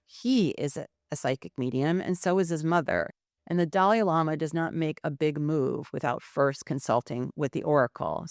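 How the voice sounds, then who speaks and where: A middle-aged woman guest on a podcast, telling a personal story with lively quoted dialogue. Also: sits low, gravelly, dry recording, clean studio sound. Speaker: podcast guest, psychic and entrepreneur. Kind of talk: conversational storytelling.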